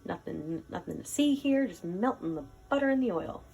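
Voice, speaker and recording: A woman's voice: medium pitch, animated, normal speed, creaky, darkish tone, slightly rough, poor audio. A young woman hosting her home cooking show in her kitchen, talking casually in a rambling, self-deprecating way full of fillers. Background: playlist music playing faintly.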